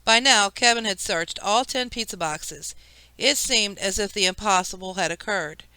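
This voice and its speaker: A woman narrating a children's audiobook in a lively storytelling manner. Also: mid-range voice, normal speed, clean tone, no room sound, low-quality recording.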